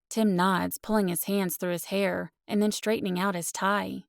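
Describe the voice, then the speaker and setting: Gravelly-voiced woman narrating an audiobook. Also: mid-range voice, steady tone, moderate pace, few pauses, no echo, studio quality. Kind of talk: first-person romance audiobook narration.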